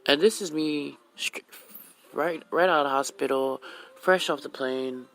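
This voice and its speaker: A woman's voice: deep voice, unhurried, rough recording. A woman from Hawaii, a mother, telling her own life story on the radio in a candid, emotional way. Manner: candid, emotional, retells conversations.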